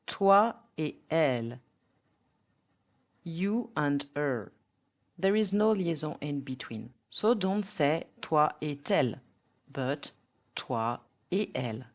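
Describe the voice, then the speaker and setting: A woman teacher with a French accent gives a podcast lesson in a low, unhurried voice. She models each word slowly and carefully so listeners can repeat after her. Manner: slow, careful, modelling words for repetition.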